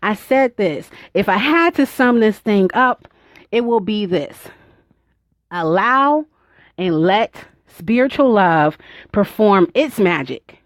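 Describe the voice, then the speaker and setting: A woman's voice: medium pitch, expressive, takes it slowly, no room sound. Young woman healer talking spiritual stuff, teary and emotional, dead dry mic. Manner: emotional, tearful, laughing, informal and preachy. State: near tears. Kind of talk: spiritual teaching talk.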